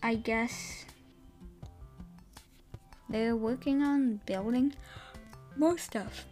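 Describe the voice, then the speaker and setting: Woman podcast host, slow-talking, fairly high voice, hesitant and self-correcting, wry, faint music behind. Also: darkish tone. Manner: rambling and hesitant, correcting herself often. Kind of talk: casual unscripted podcast update.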